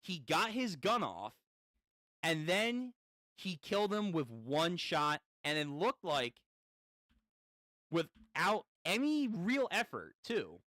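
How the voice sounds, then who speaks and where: A man reading a manga aloud and reacting as he goes, animated and prone to swearing. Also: sits high, slow, dry recording, clean studio sound. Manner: animated, swears, reads lines aloud then comments. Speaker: manga read-through host. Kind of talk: casual reading with live reactions.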